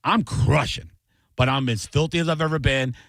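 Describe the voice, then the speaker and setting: A man's voice: normal speed, vocal fry, no echo. Man telling a wild comedy story. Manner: animated storyteller, acts out voices with loud high bursts. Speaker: comedian guest. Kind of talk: storytelling on a radio talk show.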